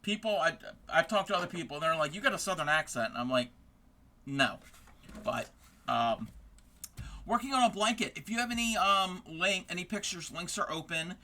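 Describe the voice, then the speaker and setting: Bright, chatty male craft streamer. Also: high-pitched, animated, fairly quick. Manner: rambling, friendly, talks to chat between tasks. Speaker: live-streaming fiber artist. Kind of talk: casual live-stream chat while crafting.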